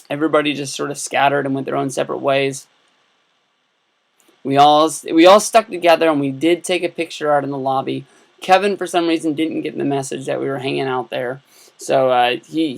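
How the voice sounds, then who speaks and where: Gravelly man rambling through a story. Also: fairly high pitch. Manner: rambling, many fillers and restarts. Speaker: YouTube vlogger. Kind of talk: casual storytelling vlog.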